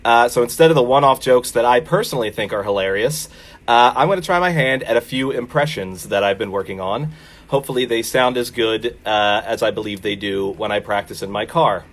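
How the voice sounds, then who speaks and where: A man doing stand-up at an online open mic, setting up his impressions with plenty of "uh"s. He talks at a mid pitch in an easy, self-deprecating way. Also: a little fast. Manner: self-deprecating, many "uh" fillers. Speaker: stand-up comic. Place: home, virtual open mic.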